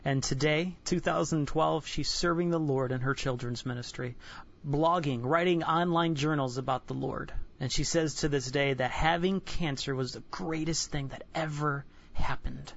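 A man in his twenties giving an earnest, candid personal devotional sermon, halting and restarting often. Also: fairly high pitch, vocal fry, a bit bright. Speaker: Christian devotional speaker. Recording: dull lo-fi dry recording.

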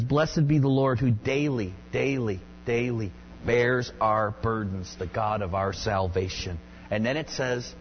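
A man preaching a sermon as pastor, rising to emphatic peaks and dropping to hushed, intimate lines. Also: a little high, dull audio, a little hiss or hum. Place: church sanctuary.

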